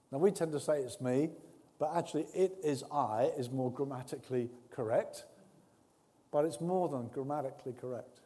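A man preaching a sermon with earnest warmth, dropping to soft, intimate tones and rising to loud, emphatic bursts. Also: fairly high pitch. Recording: long reverb of a large hall.

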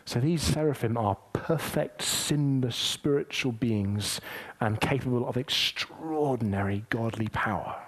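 A man's voice: medium pitch, measured pace, hardly any pauses. A young man preaching a sermon in an earnest, conversational, heartfelt way.

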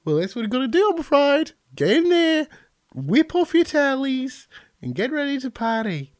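A cheerful, bossy Australian receptionist, as a man puts her on, leaping high and bright. She herds her guests along in a shrill, sing-song voice. The sound is close and dry. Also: big pitch swings, normal speed, no echo. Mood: chirpy bossy. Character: chirpy Australian female receptionist.

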